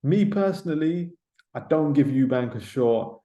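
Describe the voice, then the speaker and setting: A man's voice: on the high side, animated, a little slow, mellow. Rambling British man with roomy echo. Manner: rambling, swearing, lots of filler tags. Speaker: boxing pundit. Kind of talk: casual solo commentary. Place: room without a proper mic.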